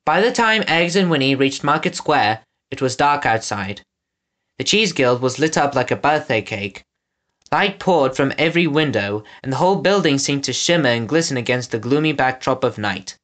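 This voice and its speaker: Male audiobook narrator, animated storybook delivery, lively pitch. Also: normal speed. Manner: expressive, animated reading.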